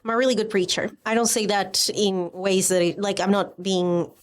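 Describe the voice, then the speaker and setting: Woman guest with an accent, mid pitch, emphatic animated storyteller in a relaxed chat. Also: normal speed. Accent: non-native English accent. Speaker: guest, educator and writer. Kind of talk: casual conversation.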